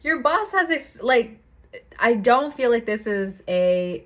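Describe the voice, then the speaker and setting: A woman's voice: a little high, animated, slow pace. Chatty young woman reading tarot. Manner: chatty, laughs often, swears casually. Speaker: tarot reader. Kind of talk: casual tarot reading to camera.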